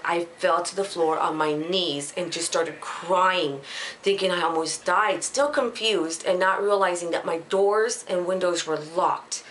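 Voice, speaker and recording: Woman, young adult, earnest personal story, emotional, halting restarts, lower voice. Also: a bit bright, slight background noise.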